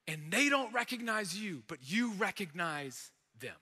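A man preaching a sermon, telling the story in an animated, conversational way with dramatic emphasis. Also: high voice, unhurried, slightly rough, big-room sound. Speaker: pastor.

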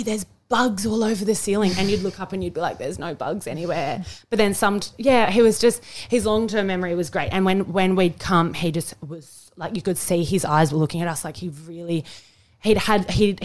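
Aussie woman podcast cohost, kinda low voice, rambly emotional chat. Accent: Australian. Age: young adult. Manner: chatty and emotional, many restarts and "like"s. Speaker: podcast co-host. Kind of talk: casual chat.

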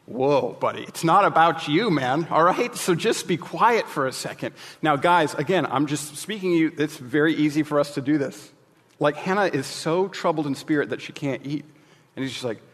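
Candid preacher in a reverberant hall. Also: male voice, fairly high pitch, animated, normal speed, fairly bright tone. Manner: candid, jokey, emphatic. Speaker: pastor. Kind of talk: sermon.

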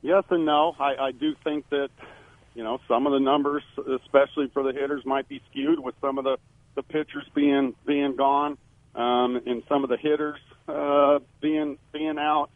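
A man's voice: mid-range voice, level tone, normal speed. Man on a tinny phone line. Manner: emphatic, rambling with frequent restarts. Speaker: former baseball player, radio guest. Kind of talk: sports radio call-in analysis.

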